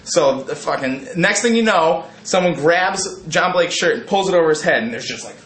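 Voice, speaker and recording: Bright-voiced man saying "dude" a lot. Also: on the high side, moderate pace, reverberant. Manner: animated, profane, says "dude" constantly. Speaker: band member telling a tour story. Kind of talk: casual storytelling.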